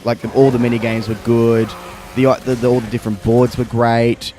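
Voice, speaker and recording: A man's voice: medium pitch, level tone, a little fast, warm tone, slight background noise. A man with an Australian accent chatting casually over gameplay as co-host, explaining things at length into a close handheld mic. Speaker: gaming podcast co-host.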